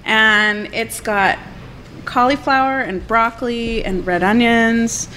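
A woman who runs a cafe and cooks there talks with enthusiasm and laughs easily in a relaxed chat. Her voice sits a little high. Faint noise from the restaurant hangs behind her. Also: takes it slowly, poor audio. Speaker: cafe owner and cook. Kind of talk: casual chat on a food show.

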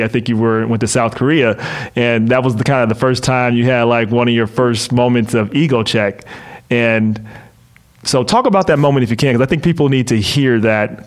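Guy hosting an interview, chatty long questions, middle pitch. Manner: conversational, rambling questions. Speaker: host.

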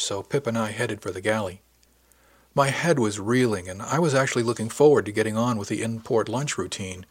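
A man giving steady first-person scripted narration of an audiobook. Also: on the low side, husky.

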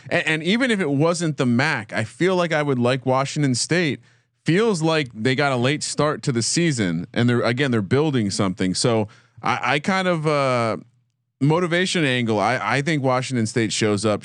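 A man with a middle-pitched voice co-hosts a casual betting show, quick and chatty, tripping over himself and restarting his sentences. He sounds dry and close to the mic. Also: no room sound. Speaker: podcast co-host. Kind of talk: casual sports betting talk.

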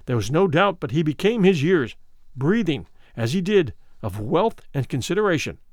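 A man narrating a classic story in a measured, expressive way. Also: a little high, dry recording, studio quality. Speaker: audiobook narrator.

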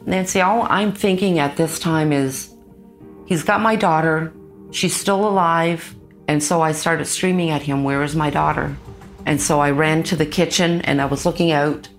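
A middle-aged woman in an interview, retelling events intensely with halting restarts. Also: deep voice, steady tone, soft background music. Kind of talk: emotional interview recounting.

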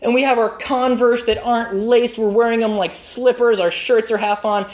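A man telling a comic personal story in an animated, self-mocking way. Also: normal speed. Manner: animated, self-mocking, with jumpy pitch swings for emphasis.

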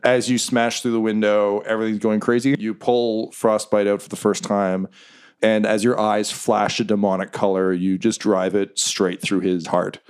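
A man running a tabletop game as game master, narrating the action in a casual, animated way with many fillers. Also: fairly low pitch, normal speed, clean tone.

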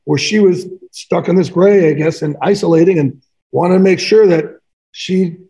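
A man's voice: high-pitched, normal speed, dark tone, poor audio. A man, an author and athletic trainer, telling personal stories in an interview in an earnest, rambling, casual way. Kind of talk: candid personal storytelling in conversation.

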